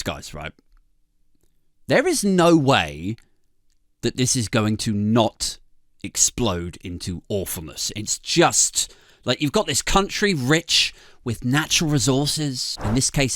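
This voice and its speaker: A man's voice: fairly bright tone, no room sound, studio quality. A British man on a comedy podcast, ranting sarcastically, swearing and laughing as he talks. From Britain. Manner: sarcastic, swearing, laughing often, swooping pitch. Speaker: podcast co-host.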